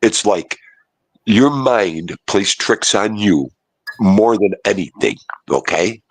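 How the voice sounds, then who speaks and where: A man chatting casually on a phone call, telling animated stories and cursing often. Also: fairly low pitch, slow, dry recording. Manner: gruff, animated storytelling with cursing. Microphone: phone line.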